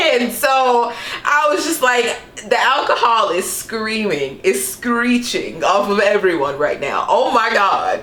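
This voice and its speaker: A woman's voice: medium pitch, fairly bright tone, roomy sound. A young woman recapping a reality show in casual, sassy commentary, laughing often and throwing in slangy asides.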